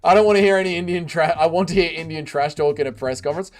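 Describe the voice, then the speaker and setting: A man's voice: fairly high pitch, fairly even intonation, fast. A man hosting a livestream, reading viewer comments aloud with joking, profane banter. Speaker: livestream host.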